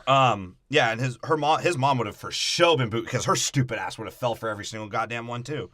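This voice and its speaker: A man's voice: mid-range voice, fast, fairly bright tone. A man co-hosting a casual comedic movie breakdown podcast, riffing crude, profane jokes. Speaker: podcast co-host.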